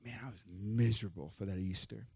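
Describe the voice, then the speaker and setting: A man's voice: fairly low pitch, steady tone, fairly quick, vocal fry, mellow, breathy edge, no echo. Guy pastor preaching, telling his own story, jokey and self-deprecating, dry close sound. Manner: candid, self-deprecating, joking asides. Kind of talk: storytelling sermon.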